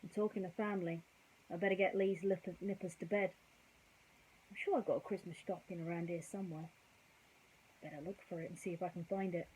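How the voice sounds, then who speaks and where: A woman reading a bedtime story aloud, gentle and chatty, with casual asides to young listeners. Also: lowish voice, steady tone, brisk, pauses often, a little hiss or hum, poor audio.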